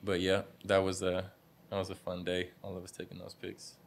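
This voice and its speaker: Here the young barbershop owner speaks in a low, gravelly voice with a completely flat delivery, talking a little fast. As an interview guest he tells stories casually and with slang, laughing a lot and imitating what others said.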